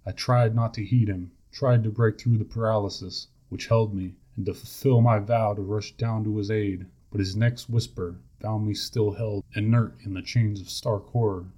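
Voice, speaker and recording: Male narrator, low mellow voice, measured and grave dramatic reading. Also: steady tone.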